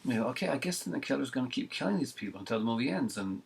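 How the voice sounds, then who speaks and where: A man's voice: medium pitch, big pitch swings, rapid-fire, gravelly. Joking, exasperated male movie reviewer. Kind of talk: casual chat.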